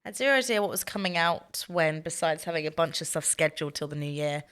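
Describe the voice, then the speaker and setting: Talking to her stream audience in a relaxed way, a woman tells stories and reads chat messages out loud. Her low voice is smooth and fairly bright, and she talks fast and with animation.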